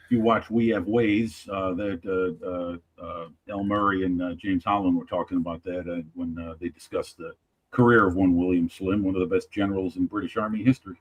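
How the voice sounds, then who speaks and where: A man on a chat panel speaking in a measured, slightly formal way with frequent pauses. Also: low-pitched, fairly even intonation, lo-fi sound. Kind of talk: casual chat.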